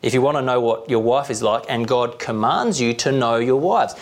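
A man's voice: medium pitch, moderate pace, hardly any pauses. Man preaching conversationally. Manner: conversational, asks the listeners rhetorical questions. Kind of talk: sermon.

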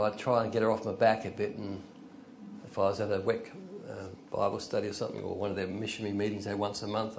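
A man's voice: lowish voice, vocal fry, a little mellow, slight background noise. An older man preaching an informal, conversational sermon, telling stories and rising into emphatic bursts. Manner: conversational, storytelling, chuckles, rises to emphatic bursts.

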